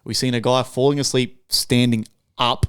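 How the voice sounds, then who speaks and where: Loud aussie guy swearing his way through a podcast chat, smooth voice, dead dry sound. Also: mid-range voice, level tone, normal speed, no room sound. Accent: Australian. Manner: loud, swearing, jokey banter. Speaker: podcast guest.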